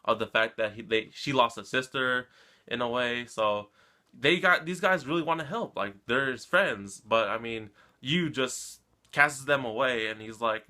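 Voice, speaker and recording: Bright-voiced man ranting about an anime episode. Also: mid-range voice, a little slow. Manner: emotional, rambling, keeps addressing viewers with "guys" and "come on". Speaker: anime reaction channel host. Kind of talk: casual episode reaction and recap.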